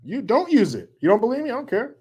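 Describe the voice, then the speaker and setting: A man's voice: very high-pitched, very animated, quick pace, a little mellow, husky. A man hosting a commentary show, riffing in a profane, mocking rant and repeating catchphrases for laughs.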